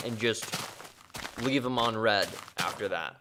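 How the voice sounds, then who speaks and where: A man's voice: fairly low pitch, measured pace, background noise. A man live streaming a game, chatting casually and joking offhand in reply to his chat.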